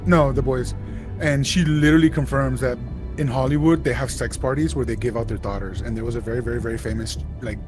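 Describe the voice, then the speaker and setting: A man's voice: mid-range voice, fast. South texas guy streaming, blunt and sweary, mid voice, music going behind. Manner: blunt, profane, excitable banter. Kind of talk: casual chat.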